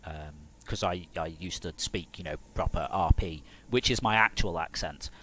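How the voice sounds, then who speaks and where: A man's voice: low voice, normal speed, noisy background. A man from Hertfordshire, England, a game developer chatting casually on a live stream in a rambling, self-mocking way.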